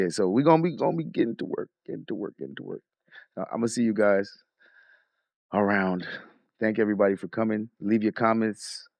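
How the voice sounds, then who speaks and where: A man hosting a livestream, giving animated, emphatic casual commentary with frequent restarts. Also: on the low side, creaky, no echo. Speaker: livestream host. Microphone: headset or desk mic.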